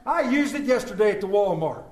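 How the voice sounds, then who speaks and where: A man's voice: high voice, animated, brisk, darkish tone. Emphatic male preacher in echoey church. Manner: emphatic, storytelling with calls to the congregation. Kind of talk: sermon.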